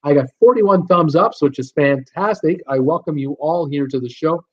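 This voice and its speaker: A man's voice: on the high side, moderate pace, highs cut off. Chatty man reading viewer comments. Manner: chatty, reads out viewer names and comments with many "uh" fillers. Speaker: host of a live cruise Q and A stream. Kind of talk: casual live-stream chat reading viewer comments.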